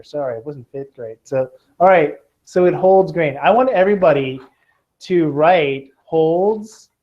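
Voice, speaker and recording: A man from Kentucky teaching a class of students, lively and joking, often checking in with "okay?". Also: a little high, lo-fi sound. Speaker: test prep teacher.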